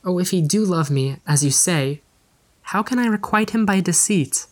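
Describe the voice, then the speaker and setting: An anguished young noblewoman torn between duty and love, read by a man. She pleads in earnest, old-fashioned diction, her voice lifted somewhat higher than the reader's own and pressing a little louder. It is an audiobook reading, with a light touch rather than full acting. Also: lively intonation, moderate pace. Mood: pleading.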